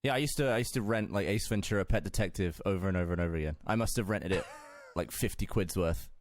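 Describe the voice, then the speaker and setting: Male co-host, low voice, dry close recording, amused banter. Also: fast talker, no echo. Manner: amused, teasing, laughs along. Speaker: podcast co-host. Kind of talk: casual chat.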